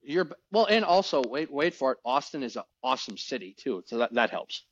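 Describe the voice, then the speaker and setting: A man co-hosting a casual podcast chat, excitable and rambling, often restarting his words. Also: medium pitch, brisk, dry recording. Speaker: podcast co-host. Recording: dull, dry, lo-fi podcast audio.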